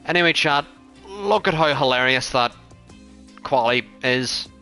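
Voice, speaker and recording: A man live-streaming a racing game, talking to his chat, excitable and foul-mouthed, swinging from yelling to muttering. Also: mid-range voice, a little slow, soft background music. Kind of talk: live gaming commentary to chat.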